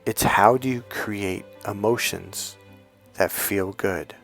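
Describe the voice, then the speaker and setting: A man talking as a dating coach, emphatic, moving between loud punchy bursts and slow, soft, drawn-out passages. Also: fairly low pitch, vocal fry, faint music behind. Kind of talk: coaching monologue.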